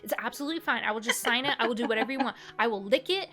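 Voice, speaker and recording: A woman chatting casually on a live stream, telling animated stories, swearing freely and laughing often. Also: a little high, racing, faint music behind. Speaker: streamer co-host.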